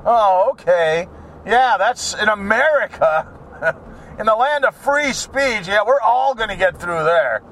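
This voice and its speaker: A man's voice: sits high, animated, unhurried, a bit bright, slight background noise. A man ranting sarcastically and rambling from topic to topic while he drives his car, swearing now and then. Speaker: vlogger. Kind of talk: rambling driving vlog.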